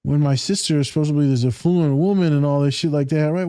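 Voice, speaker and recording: A man hosting a casual podcast, from Michigan, telling profane, animated stories and acting out quotes. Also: a little high, quick pace, clear, resonant tone, no room sound, clean studio sound. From Michigan, USA. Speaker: podcast host.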